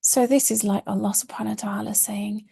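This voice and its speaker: A woman teaching a Quranic Arabic course speaks in a mellow, low-toned voice with a heavy gravelly fry. Her delivery is husky and breathy, and she explains each point patiently, leaning on the words she wants to stress. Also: steady tone, brisk. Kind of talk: online course lesson.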